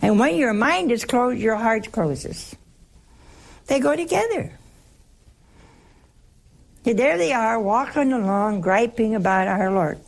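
A woman's voice: fairly high pitch, expressive, takes it slowly, creaky, pauses often. A woman giving a conversational sermon as a Bible teacher, teasing her listeners with rhetorical questions.

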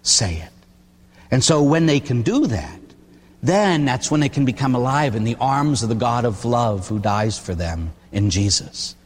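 Older priest preaching in a reverberant church. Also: male voice, medium pitch, animated, measured pace. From Pittsburgh area. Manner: folksy storytelling, frequent "huh?" asides. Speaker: Catholic priest. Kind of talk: sermon. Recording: long hall reverb.

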